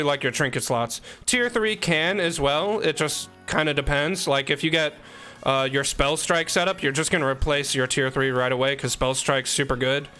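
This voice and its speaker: Bright-voiced young male streamer, joking. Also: a little high. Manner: joking, teasing chat, rambling asides. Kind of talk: casual live-stream chat. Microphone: desk microphone.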